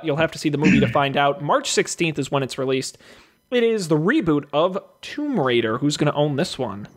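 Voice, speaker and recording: A man hosting a casual show, reading out movie blurbs and calling bids like a jokey auctioneer. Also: fairly high pitch. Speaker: host running a movie draft auction. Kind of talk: casual podcast chat.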